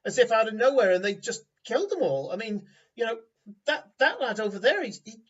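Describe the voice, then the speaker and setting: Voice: medium pitch, big pitch swings, a little fast, fairly bright tone, recorded from a distance, lo-fi sound, voice pushed up. Give me a shaken farmer man who keeps stammering, as a game master puts him on. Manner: stammering, nervous. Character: frightened, stammering male farmer.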